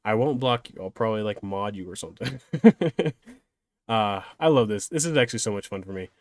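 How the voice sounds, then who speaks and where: A man's voice: fairly low pitch, quick pace, no echo. A young man hosting a solo podcast, rambling and self-deprecating, laughing easily as he chats. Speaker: podcast host.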